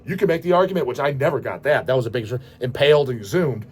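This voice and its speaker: A man's voice: mid-range voice, lively intonation, quick pace, darkish tone, husky. A man hosting a show, answering viewer questions in a profane, ranting casual style. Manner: profane, ranting, repeats goddamn. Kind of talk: casual rant.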